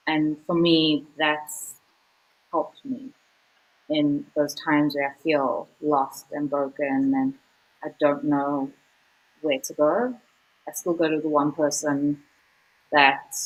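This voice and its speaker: A woman with a notably low-pitched voice talks as a guest in an interview. She speaks in an earnest, heartfelt, reflective way. Her phrasing is casual, with a lot of "like" and "you know.". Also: poor audio. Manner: informal, sprinkled with "like" and "you know". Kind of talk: candid interview conversation.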